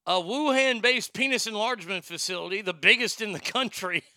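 Male comedy host who reads news with crude, irreverent asides. He has a high, very bright voice. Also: a little fast, dry recording, studio quality. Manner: profane, irreverent joking. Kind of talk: comedic news-reading commentary.

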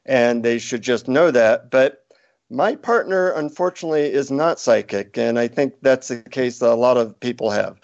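A man's voice: medium pitch, normal speed, vocal fry. A man guest on an interview show, chatting casually and telling anecdotes. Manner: storytelling, animated when quoting. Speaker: author guest. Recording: dull lo-fi sound.

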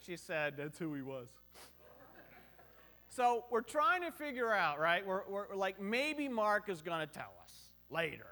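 A man's voice: high voice, very animated, a little slow, bright, forceful tone. A middle-aged man preaching a sermon in a conversational, joking way, full of rhetorical questions and short on sleep. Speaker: pastor.

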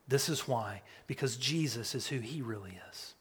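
A man's voice: medium pitch, normal speed, hardly any pauses, slightly rough. Preaching man in a reverberant hall. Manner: dynamic preaching, swinging from hushed near-whispers to loud proclamation. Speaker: pastor. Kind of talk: sermon.

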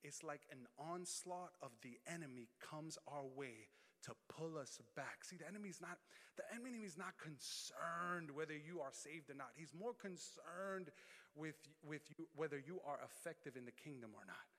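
Man preaching, bright high tone, swings between hushed and shouting, reverberant hall. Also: moderate pace. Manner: animated storytelling, swings from low and quiet to loud and shouting. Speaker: pastor. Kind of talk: sermon.

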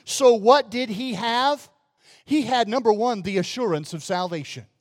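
A Southern man delivering a sermon in an unusually high voice. He preaches emphatically, drawing out and lifting the lines he quotes. The sound is dry and close, with no room around it. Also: normal speed, no room sound. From Mississippi, USA.

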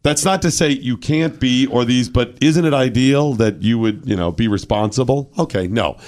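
A man hosting a political talk radio show, chatting in an animated, sarcastic, rambling way. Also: mid-range voice, moderate pace.

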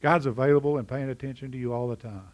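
A man's voice: medium pitch, fairly even intonation, fast, muffled recording. A middle-aged man preaching a sermon in a conversational way, often asking his congregation questions. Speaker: pastor.

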